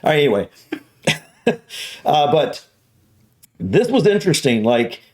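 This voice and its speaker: A man's voice: a little high, very animated, takes it slowly, a little mellow. Man with a mild Southern drawl. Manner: rambling, repeats words while thinking aloud. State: slightly hoarse. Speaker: reaction video host. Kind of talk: casual reaction chat.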